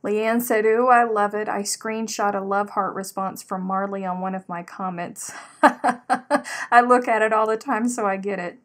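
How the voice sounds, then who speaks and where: A woman's voice: medium pitch, measured pace. A woman in her thirties hosting a live craft stream, chatting casually and reading out viewer comments. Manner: animated storyteller, reads out chat comments. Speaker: livestream host. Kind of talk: casual chat while crocheting.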